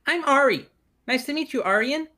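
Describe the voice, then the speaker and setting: A man doing a high-voiced little elf girl. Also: animated, normal speed, sharp tone, heavily acted. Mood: friendly. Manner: high, bubbly girlish voice. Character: cheerful little elven girl, scarred cheek.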